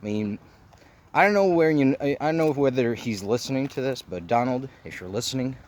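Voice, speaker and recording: A man's voice: mid-range voice, lively intonation, fairly quick, a little mellow. A man hosting his own commentary show, talking casually in a rambling, blunt and exasperated way, with lots of fillers and restarts. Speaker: commentary channel host.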